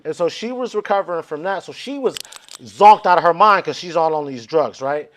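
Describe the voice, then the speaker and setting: A man with a high-pitched voice spins a long comic story in a casual chat. He acts out every quote with lively voices and swears freely as he goes. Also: a little fast. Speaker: comedian guest. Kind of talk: storytelling on a comedy podcast.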